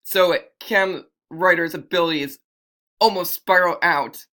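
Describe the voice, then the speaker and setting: A man's voice: sits high, unhurried, bright, forceful tone. A man telling an improvised fantasy story in a rambling way, often correcting himself as he goes.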